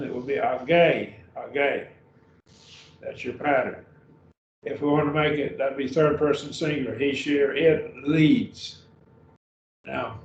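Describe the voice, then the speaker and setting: A man teaching a beginning Greek grammar class, slowly repeating each word several times. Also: medium pitch, slight background noise. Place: classroom or church room. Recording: echoey room, dull lo-fi sound.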